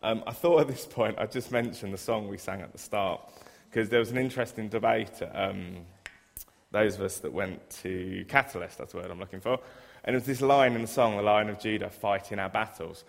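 A man's voice: fairly low pitch, fairly quick, vocal fry. A man giving a sermon in a church, chatty and self-deprecating, acting out everyday scenes as examples. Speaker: preacher who works in a school. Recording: reverberant church hall.

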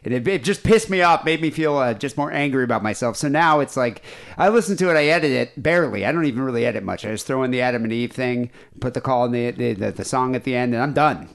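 A man's voice: medium pitch, fast, gravelly. A man co-hosting a crude comedy podcast, in casual chat, laughing often. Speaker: podcast co-host.

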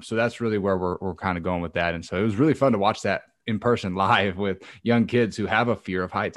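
A man co-hosting a podcast, telling a story in an energetic, enthusiastic casual chat. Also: lowish voice, dry recording, studio quality. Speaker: podcast co-host.

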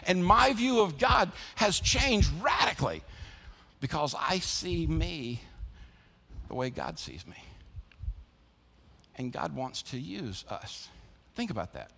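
A man's voice: fairly high pitch, very animated, slow, creaky, pauses often, bright, forceful tone. Preaching man in a reverberant church. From American South. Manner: rhetorical questions, call-and-response. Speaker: pastor. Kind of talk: sermon. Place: church building. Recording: church sanctuary with long reverb.

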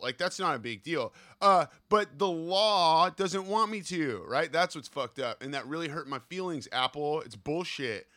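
A man hosting his own podcast, ranting profanely in a casual monologue and tagging his sentences with "right?". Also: on the high side. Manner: profane, animated, keeps asking "right?". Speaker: podcast host.

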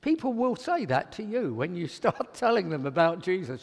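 High, lively-voiced male preacher. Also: normal speed, creaky. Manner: animated storytelling, acts out quoted speech. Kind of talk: sermon. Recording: long hall reverb.

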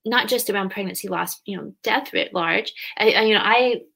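A woman's voice: mid-range voice, moderate pace, vocal fry. A woman in her thirties speaking as a guest in an interview, earnest and reflective, acting out parents and children as she explains. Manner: earnest, animated when acting out parents and kids. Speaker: guest, grief companion trainer. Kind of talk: conversational interview.

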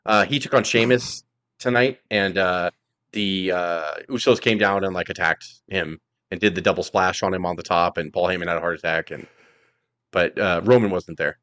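A man's voice: sits low, normal speed, a bit bright, dry recording. A man co-hosting a casual wrestling podcast, swearing casually and acting out quotes from his childhood. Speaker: podcast co-host.

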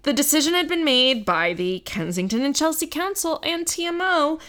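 A woman hosting a podcast, retelling events in a casual, conversational way and acting out quotes with lively asides. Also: sits high, moderate pace. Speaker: podcast host.

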